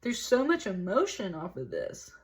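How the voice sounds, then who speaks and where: A woman's voice: mid-range voice, wildly swooping pitch, moderate pace. A woman giving a casual tarot reading, rambling and talking loosely with lots of "like" and the odd laugh. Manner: rambling, heavy use of "like", with laughs. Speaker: tarot reader.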